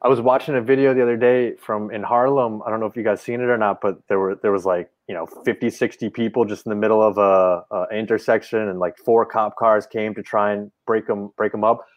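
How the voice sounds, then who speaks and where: A man's voice: lowish voice, fairly even intonation, fairly quick, few pauses. A man co-hosting a podcast, retelling a film in casual, profane chat. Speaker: podcast co-host.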